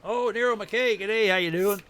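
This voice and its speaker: A man streaming a game live speaks in a high-pitched, fairly bright, clear and resonant voice at a moderate pace, his throat dry and irritated. He rambles casually and chattily about his farm build, greeting viewers as he shows it off.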